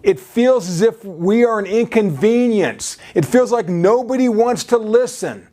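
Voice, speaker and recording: A man's voice: high voice, expressive, a little slow, mellow. A male preacher delivering a sermon, peppering his talk with "you see" and frequent restarts.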